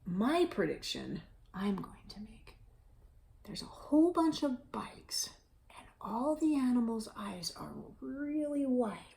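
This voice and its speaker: Animated woman reading a picture book. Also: fairly high pitch, slow pace, creaky. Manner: animated, with gasps and questions to children. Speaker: teacher reading aloud. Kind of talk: picture book read-aloud for children.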